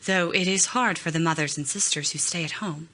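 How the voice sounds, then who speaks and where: A woman's voice: sits low, fairly quick, bright, forceful tone. Woman reading as a bashful young governess. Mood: sincere. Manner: shy, sincere.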